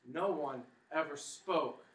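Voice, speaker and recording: A man's voice: fairly high pitch, slow pace, a bit bright. A man preaching a sermon to his congregation, telling the story dramatically and leading them in a chant. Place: church hall. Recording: echoey hall, mic at a distance.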